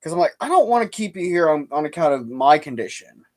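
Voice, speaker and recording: A man's voice: on the high side, very animated, fast. A young man hosting a casual livestream chat, rambling and laughing easily. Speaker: livestream host.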